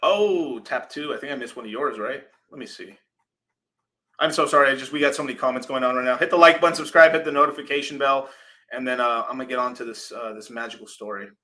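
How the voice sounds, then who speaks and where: A man's voice: medium pitch, fast, bright, forceful tone. A young man hosting a casual crypto livestream, rambling loosely, swearing freely and reading out viewer super chats.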